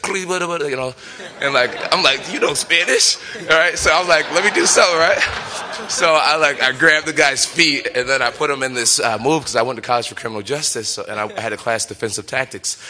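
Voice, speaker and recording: A young man in his twenties, a professional fighter, telling a story in a lively way, laughing often and acting out what people said. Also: medium pitch. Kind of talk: animated storytelling.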